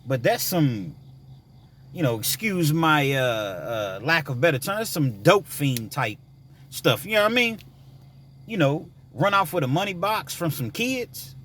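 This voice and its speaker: A man vlogging, telling a story in a casual, rambling way with many fillers, sometimes mimicking frantic girls in a high voice. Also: sing-song, measured pace, fairly bright tone, a little hiss or hum.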